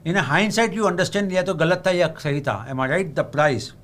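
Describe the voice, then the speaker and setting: Indian man lecturing, higher pitched. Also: animated, racing, fairly bright tone. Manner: earnest, asks "am I right?" often; switches between English and Hindi. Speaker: investment speaker. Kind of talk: seminar talk on investing.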